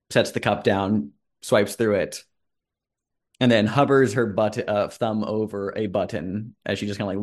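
A man narrating and running a tabletop role-playing game in a loose, conversational way. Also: fairly low pitch. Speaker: game master.

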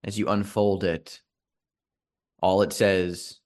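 A man running a tabletop role-playing game, telling the scene slowly and deliberately with long dramatic pauses. His voice sits on the low side and he takes his time over every line. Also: flat delivery, a little mellow. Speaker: game master.

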